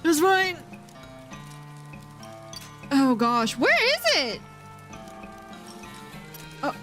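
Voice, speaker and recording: High-voiced giggly woman streamer. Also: fairly bright tone. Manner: giggly, rambling, talks to chat. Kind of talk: live gameplay stream chat.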